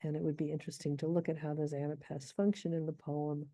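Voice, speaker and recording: A middle-aged woman teaching how to scan poetry, thinking aloud and reading verse lines slowly and deliberately. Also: deep voice, little pitch movement, dark tone, no room sound. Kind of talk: informal scansion lesson.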